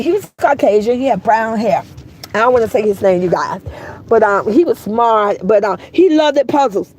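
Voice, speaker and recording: Animated high-voiced woman telling a story. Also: rough recording. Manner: animated, swears freely, calls listeners girl and baby. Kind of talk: casual storytelling.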